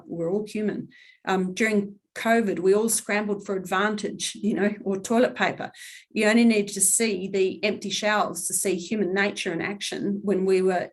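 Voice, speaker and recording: A middle-aged woman gives an earnest, candid talk as a guest speaker, pausing often with thoughtful ums. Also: fairly low pitch. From New Zealand. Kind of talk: earnest talk on workplace equality.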